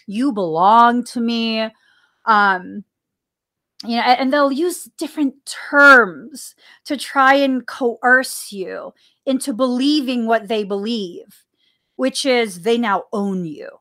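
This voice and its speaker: A woman hosts a spiritual podcast in a slightly high voice, speaking slowly and earnestly. She circles back on key phrases, repeating them for emphasis in a casual, conversational way. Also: fairly bright tone. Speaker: podcast host. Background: coffee sips between remarks.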